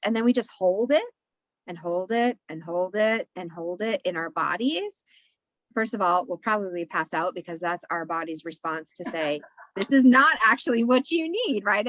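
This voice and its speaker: A woman's voice: mid-range voice, bright, forceful tone, no echo, muffled recording. A woman guest on a podcast giving a spiritual wellness talk, in a coaching tone that keeps checking in with "right?". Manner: repetitive, coaching tone with frequent "right?".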